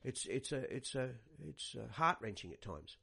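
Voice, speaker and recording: An actor playing a rambling older radio host who repeats words and stalls on fillers. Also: male voice, mid-range voice, animated, moderate pace, vocal fry, pushed and bright, slightly rough, full character voice. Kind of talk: comic radio banter.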